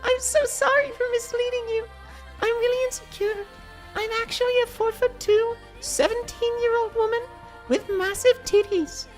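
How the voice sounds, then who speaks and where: A man on a livestream putting on the voice of a shy young woman, in an exaggerated mock-shy falsetto. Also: steady tone, normal speed, faint music behind. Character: insecure young woman, high squeaky falsetto. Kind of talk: joking bit on a livestream.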